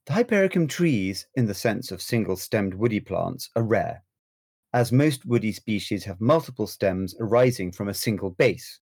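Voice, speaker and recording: A man's voice: lowish voice, sing-song, normal speed, breathy edge. A man co-hosting a casual podcast chat, playful and chatty as he reads out plant facts. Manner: playful, warm chatter with laughs. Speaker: co-host.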